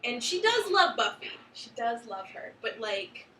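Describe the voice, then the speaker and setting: A woman's voice: on the high side, big pitch swings, measured pace, bright, forceful tone. A woman co-hosting a casual chat, giggling a lot and acting out characters' lines. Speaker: podcast co-host. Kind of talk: casual chat while watching a show. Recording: echoey room, mic at a distance, faint noise.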